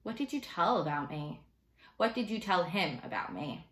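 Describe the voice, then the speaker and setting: A woman's voice: fairly low pitch, big pitch swings, normal speed, a bit bright, roomy sound. A woman reading aloud, raising her voice to play a wary, anxious young boy in a storybook. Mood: wary, pleading.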